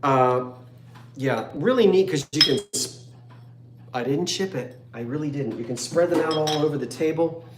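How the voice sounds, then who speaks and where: A man's voice: a little high, normal speed, echoey room, background noise. A man in his fifties hosting a live online antique sale, rambling and joking as he reads out viewers' comments. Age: 50s. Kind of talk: chatty live-stream sales talk.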